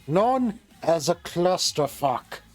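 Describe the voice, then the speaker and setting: A man playing a tabletop game, offering slow, wry commentary. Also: on the high side, big pitch swings, a little mellow, faint music behind. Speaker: player.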